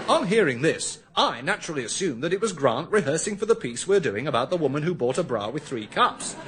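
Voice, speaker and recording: A man's voice: a little high, sing-song, normal speed, fairly bright tone, slightly rough. A man reporting a comic story for a TV show in an earnest, storytelling way.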